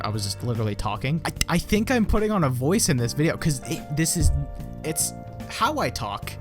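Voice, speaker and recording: Rambling, swearing young man. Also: medium pitch. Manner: rambling, swears often, self-mocking. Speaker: YouTuber reacting to his old videos. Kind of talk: casual reaction commentary. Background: guitar music.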